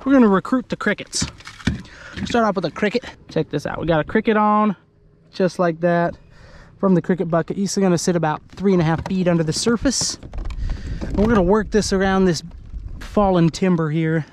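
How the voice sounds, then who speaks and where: A man from Idaho giving excited, chatty commentary to the camera while fishing from a kayak on a lake. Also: high-pitched, normal speed, slight background noise. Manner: excitable, exclaiming, chatty with viewers. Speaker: fishing vlogger. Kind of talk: casual outdoor commentary to camera. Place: kayak on an open lake outdoors. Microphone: handheld camera.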